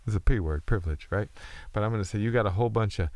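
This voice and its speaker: Low gravelly guy just rambling, swearing a bit, casual host chat. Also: fairly quick, no room sound. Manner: loose, profane storytelling with restarts.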